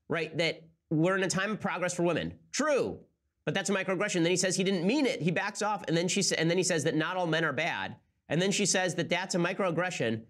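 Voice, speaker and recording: Male host, rapid sarcastic commentary, slightly high voice. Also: a bit bright. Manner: sarcastic, incredulous. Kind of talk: political commentary.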